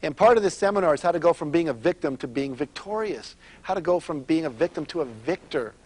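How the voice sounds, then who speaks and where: His slightly high voice carries a breathy edge as he rushes through animated stories, addressing listeners directly in a motivational seminar. The recording is dry.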